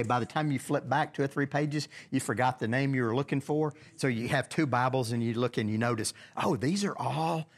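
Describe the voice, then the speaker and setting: Man, Bible study teacher, casual, asks questions, restarts sentences. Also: mid-range voice. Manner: conversational, asks the group questions, many restarts.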